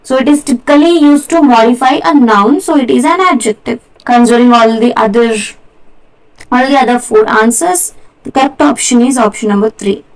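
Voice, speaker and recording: A young woman with an Indian English accent explains exam answers one by one. Her voice sits a little high. She keeps a steady teaching rhythm and draws out the important words. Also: low-quality recording. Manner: steady explanatory, slows to spell out key words. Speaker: tutor. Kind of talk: exam solution walkthrough.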